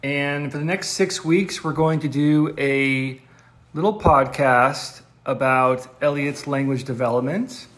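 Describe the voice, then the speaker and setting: A young father hosting a casual podcast, gently and patiently coaxing his toddler to say words. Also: medium pitch, slow pace, roomy sound. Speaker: podcast host.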